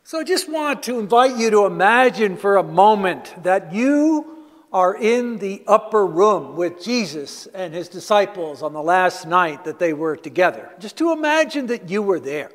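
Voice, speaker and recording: A man preaching a sermon, leading a slow guided meditation with soft, hushed passages. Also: high-pitched, lively intonation. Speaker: pastor. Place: church sanctuary. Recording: long reverb of a church hall.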